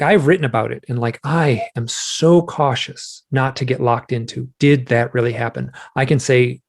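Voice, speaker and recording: A man with a gravelly, mid-pitched voice tells a personal story as a guest in conversation. He retells it in an animated way, acting out what he said. His delivery swings between quiet reflection and loud, heated quotes. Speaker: guest author.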